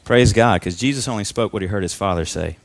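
A man's voice: lowish voice, quick pace, vocal fry, no echo. Young man preaching, dry close sound. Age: 20s. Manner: punctuates lines with frequent amens and praise God; swings from quiet asides to loud rising exhortation. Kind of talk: sermon. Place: church service.

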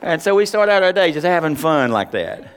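A man's voice: a little high, very animated, brisk, fairly bright tone. A middle-aged man preaching a sermon, folksy and humorous. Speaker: pastor.

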